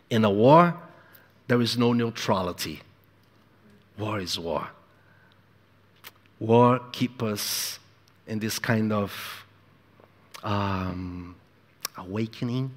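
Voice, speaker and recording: A man preaching a sermon in an emphatic, repetitive way, moving between hushed and loud delivery. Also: mid-range voice, lively intonation, takes it slowly, pauses often. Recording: echoey hall with long reverb.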